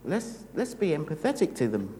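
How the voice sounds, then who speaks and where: A man preaching a sermon in a gentle, reflective, unhurried way. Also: on the high side, huge pitch swings, in a large hall, poor audio.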